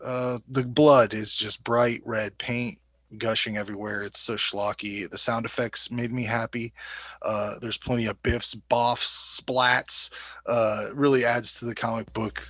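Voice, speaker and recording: A man's voice: medium pitch, flat delivery, measured pace, a bit bright, no echo. Yeah just a guy chillin, talking movies, lots of ums, swears a bunch, dry room. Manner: laid-back, swears freely, many ums and uhs. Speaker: podcast co-host. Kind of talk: casual movie discussion.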